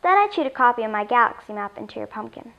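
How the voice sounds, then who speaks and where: A woman's voice: fairly high pitch, very animated, fast talker, creaky, dull audio. A woman voicing a small, hungry, friendly male alien who chirps and whines. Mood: eager. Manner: chirpy, whiny when hungry.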